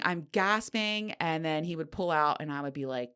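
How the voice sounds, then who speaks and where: A woman's voice: low voice, moderate pace, hardly any pauses, bright, forceful tone, smooth. A middle-aged woman hosting her own podcast, talking frankly and breathlessly in a candid solo monologue, often laughing and sighing. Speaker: podcast host.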